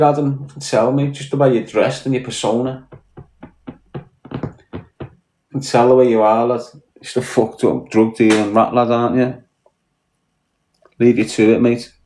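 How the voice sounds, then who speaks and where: A man's voice: medium pitch, a little mellow. A man with a Scouse accent from Liverpool, ranting bluntly and swearing on a casual livestream, tired after hours on air. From Liverpool, England. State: mentally tired. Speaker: live streamer. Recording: roomy echo.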